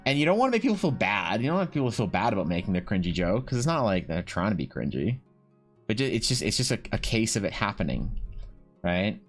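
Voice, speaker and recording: Drawing on stream, a man chats casually in a rambling, profane way, restarting often. He speaks fast in a lowish voice with big pitch swings, faint music in the background.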